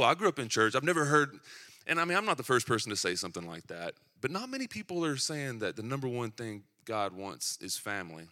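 A young man with a Tennessee accent delivers a sermon in a relaxed, storytelling way, dropping dry self-mocking jokes along the way. His voice is very bright and forward, sitting at an ordinary pitch for a man. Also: fast talker. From Southeastern United States. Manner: storytelling, self-deprecating humor, conversational. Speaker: preacher.

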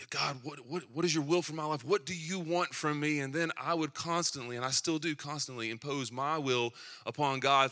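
Bright-voiced Tennessee preacher telling a story. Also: male voice, medium pitch. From Southeastern United States. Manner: storytelling, self-deprecating humor, conversational. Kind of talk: sermon with personal story.

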